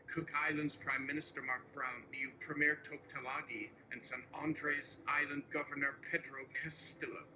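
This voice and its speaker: A man reading a satirical political speech aloud in a deadpan way, listing names and policies one after another. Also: mid-range voice, noisy background. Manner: steady listing delivery. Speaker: host reading a mock speech.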